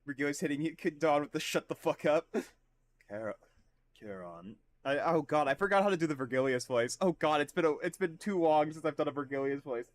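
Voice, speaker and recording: A man streaming a video game, chatting casually and profanely with his viewers and joking at his own expense. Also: a little high. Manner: profane, self-mocking, quick asides to chat. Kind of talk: casual game livestream chat.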